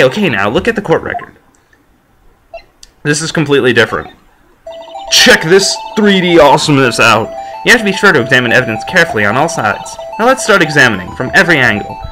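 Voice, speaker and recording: A man's voice: fairly high pitch, sing-song, a little fast, pauses often, music in the background. A man voicing an eager young woman detective who loves science, in a bubbly, lecturing manner. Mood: excited.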